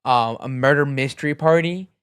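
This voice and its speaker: A man's voice: mid-range voice, moderate pace, clean tone, dry recording, studio quality. A young man co-hosting a podcast, telling stories in a chatty, casual way and swearing now and then. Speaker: podcast co-host. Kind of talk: casual chat.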